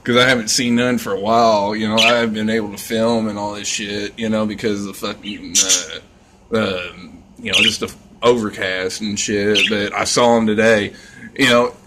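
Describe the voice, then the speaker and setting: A man's voice: fairly low pitch, flat delivery, moderate pace, very noisy. A man ranting in a casual vlog, rambling and scornful, swearing constantly. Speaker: vlogger.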